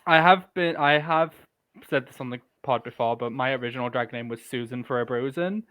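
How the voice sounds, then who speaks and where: A man in his early twenties, in his 20s, co-hosts a podcast of casual chat, candid and opinionated as he talks in long rambling runs. His mid-range voice is a bit bright and fairly quick.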